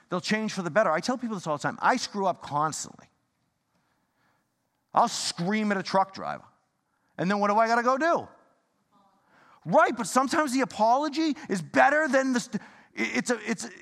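A man preaching a sermon in a fired-up, rambling way, swinging from loud bursts to hushed talk. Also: high voice. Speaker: pastor. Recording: long hall reverb.

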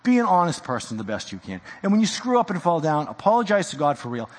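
A male pastor preaching a sermon in a church, swinging from loud exhortation to hushed intensity. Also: a little high, big pitch swings, fast, in a large hall.

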